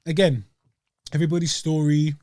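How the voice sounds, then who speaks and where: A young man chats easily about a dessert, full of slang and asides. His voice sits a touch high for a man and sounds dry and close-miked. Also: little pitch movement, a little fast, darkish tone, no echo. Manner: laid-back, slangy and chatty, eating while talking. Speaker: podcast host reviewing desserts. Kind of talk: casual chat.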